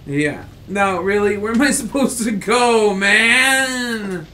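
Young-sounding high male gamer, irritable and profane, casual co-op banter. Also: takes it slowly, a little hiss or hum. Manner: frustrated, swearing, bursts into shouts. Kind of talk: casual let's play chat.

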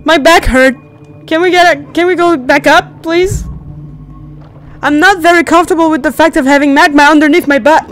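A woman's voice: high voice, normal speed, slight background noise. A young woman hosting a gaming video, playing a VR game, screaming, swearing and laughing nervously as she plays. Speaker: gaming channel host. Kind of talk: let's play commentary.

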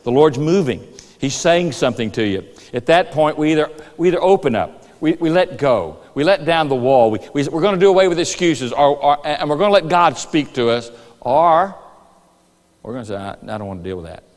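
A man preaching a sermon in a church, telling the story lively and acting out voices and rooster calls. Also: a little high, moderate pace. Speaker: pastor. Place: church sanctuary. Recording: reverberant church hall.

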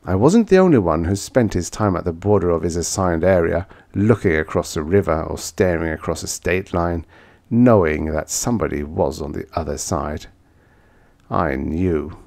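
A man with a very low voice reads a dark first-person science fiction audiobook. His delivery is dramatic and intense, and his pitch rises and falls widely as he tells the story. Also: vocal fry. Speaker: audiobook narrator. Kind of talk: scripted first-person narration.

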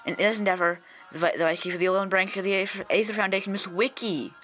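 A man's voice: high-pitched, steady tone, quick pace, sharp tone, faint music behind. A man putting on a mock Russian accent to read a stern male officer's game dialogue in a stiff, formal way.

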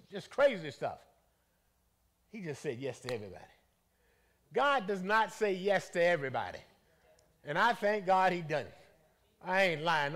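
A man leading a Bible study as bishop, preaching in an animated, folksy way and calling out to the congregation. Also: fairly high pitch. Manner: animated, conversational, calls out to the congregation; colloquial, folksy phrasing.

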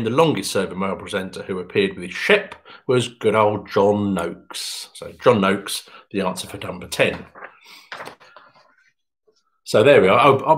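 A man hosting an online pub quiz, reading answers in a chatty, jokey way. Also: a bit bright. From England. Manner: chatty, jokey, pitch jumps up when announcing. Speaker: quiz host.

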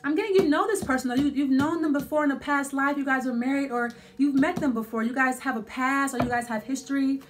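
A woman's voice: high-pitched, quick pace, few pauses, noisy background. A woman giving a casual tarot reading, thinking aloud with many restarts and fillers. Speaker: tarot reader.

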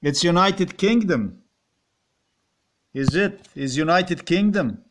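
A man's voice: sits high, expressive, slow, a bit bright. A man with a Slovenian accent rambling and ranting in a monologue, swearing and firing off repeated rhetorical questions. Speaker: vlogger.

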